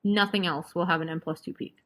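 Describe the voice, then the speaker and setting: A woman's voice: fairly low pitch, fairly even intonation, brisk, fairly bright tone. A young woman leading an online chemistry review session, talking casually and joking sarcastically with her students. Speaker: chemistry tutor.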